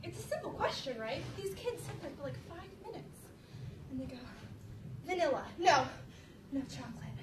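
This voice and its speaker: A young woman performing a stand-up comedy routine, animated and acting out children's voices and her own. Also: very high-pitched, brisk. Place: university venue with live audience. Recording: roomy, distant mic, loud crowd and noise.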